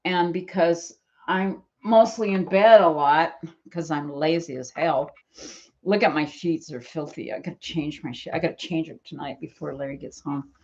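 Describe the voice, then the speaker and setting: A woman's voice: sits low, moderate pace, a little mellow, highs cut off. A woman of seventy, chatting on her live stream from home, who rambles, laughs often and acts out what others said. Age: 70s. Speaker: channel host. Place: at home in bed.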